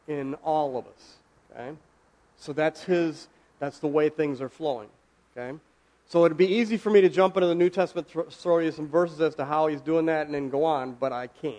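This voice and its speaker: A man preaching a casual, conversational sermon, asking his listeners questions and slowing down for emphasis. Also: fairly high pitch, a little mellow. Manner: conversational, asks the audience questions, slows for emphasis.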